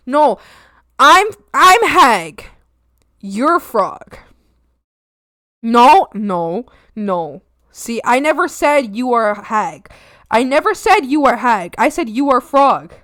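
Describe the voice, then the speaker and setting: Woman art streamer: high, lively voice, goofy banter with chat. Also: unhurried. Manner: playful and silly, with squeals and giggles. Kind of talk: casual chat with stream viewers.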